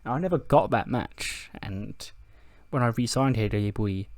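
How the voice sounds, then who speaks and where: A man putting on a calm, matter-of-fact veteran male wrestler in his own voice. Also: lowish voice, moderate pace, no echo, lightly acted. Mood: pointed.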